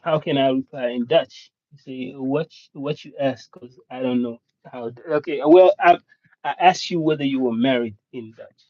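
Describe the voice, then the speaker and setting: A man whose first language is Swahili, chatting casually with viewers on a live stream, halting and rambling with many restarts. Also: medium pitch, dry recording. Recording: dull, dry lo-fi sound.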